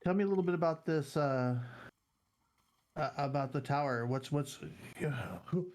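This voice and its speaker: A man playing a tabletop game, talking in a halting, coaxing way with many repeated words. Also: on the high side, a little mellow. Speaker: player. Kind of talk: tabletop role-play, talking in character.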